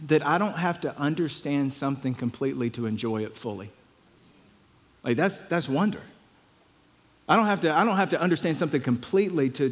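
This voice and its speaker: A man's voice: medium pitch, in a large hall. A pastor telling a story in a conversational sermon, often repeating his words.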